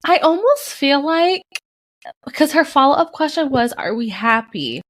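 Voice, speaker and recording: A woman's voice: high-pitched, very animated, a little slow, a bit bright. A young woman co-hosting a podcast, telling a personal story in casual chat and acting out the people she quotes with big jumps in her voice. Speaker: podcast co-host.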